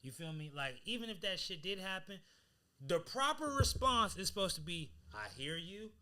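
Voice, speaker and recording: A man co-hosting a podcast in casual chat, talking in an animated, emphatic way full of slang. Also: high-pitched, normal speed. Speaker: podcast co-host.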